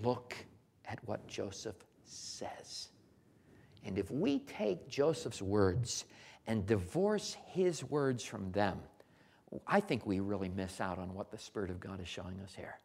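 A preacher working through a sermon with a lively, rising-and-falling pitch. The delivery swings from loud, emphatic bursts down to hushed, low asides. Words get repeated and phrases restarted as the thoughts pile up. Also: takes it slowly, gravelly, husky. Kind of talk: expository sermon.

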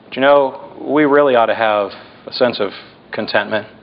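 Preaching man, lo-fi church recording. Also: mid-range voice. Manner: preaching with emphatic slowdowns and dramatic drops in volume. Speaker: pastor. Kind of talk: sermon.

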